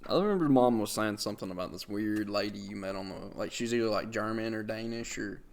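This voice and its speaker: A man's voice: lowish voice, fast. A man co-hosting a casual podcast chat, teasing and prompting with questions. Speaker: podcast co-host.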